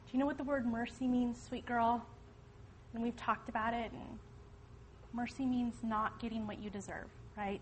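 A middle-aged woman speaks earnestly to a church gathering, pressing her points with emphasis. Her voice sits a little high, and a faint background hiss runs under it. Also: low-quality recording. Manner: earnest, emphatic, preaching to the audience. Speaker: speaker at a church women's event. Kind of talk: testimony talk to an audience.

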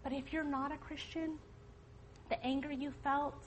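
A woman's voice: high-pitched, steady tone, takes it slowly, long pauses, slight background noise, poor audio. A middle-aged woman telling a personal story of faith to a church audience, earnest and emphatic. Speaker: speaker at a church women's event. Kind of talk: testimony talk to an audience.

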